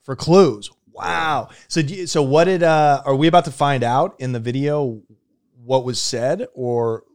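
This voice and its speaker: A man hosting a casual reaction chat, joking crudely and cutting in with quick questions. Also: mid-range voice, a little mellow. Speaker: host.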